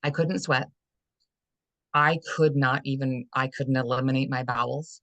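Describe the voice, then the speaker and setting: A woman with a notably low voice shares her own experience as a coaching guest. She is frank and earnest, often restarting mid-phrase. The sound is dry and close. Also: steady tone, unhurried, fairly bright tone, no echo. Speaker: holistic fitness and life coach guest. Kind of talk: candid personal storytelling.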